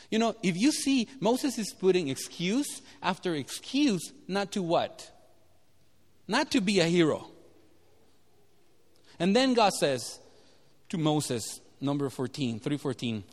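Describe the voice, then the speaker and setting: A man's voice: high voice, slow pace, long pauses. A man preaching a sermon, telling a Bible story and quizzing his listeners. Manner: animated, asks the audience questions. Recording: echoey hall.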